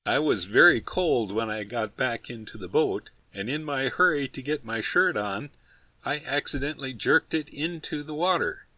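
A man's voice: medium pitch, animated, normal speed, pushed and bright, no room sound. A man reading a comic novel aloud as an audiobook narrator, in a wry, storytelling manner. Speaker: audiobook reader. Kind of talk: scripted narration.

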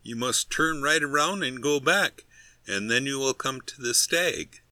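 Man voicing a plain-spoken local giving directions, bright tone, audiobook. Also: mid-range voice, measured pace, no room sound. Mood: matter-of-fact.

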